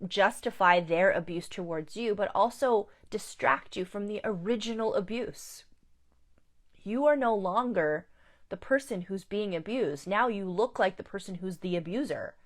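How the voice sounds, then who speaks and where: A woman life coach giving a candid, emphatic live talk, repeating her key points. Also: mid-range voice. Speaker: life coach and survivor advocate.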